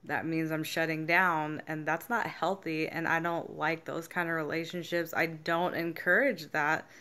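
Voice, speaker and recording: Speaking at a moderate pace in a low, level voice that is bright, forceful and smooth, this self-help vlogger, a young adult woman, talks candidly about her feelings. She swears freely and acts out people's reactions to her in a casual monologue.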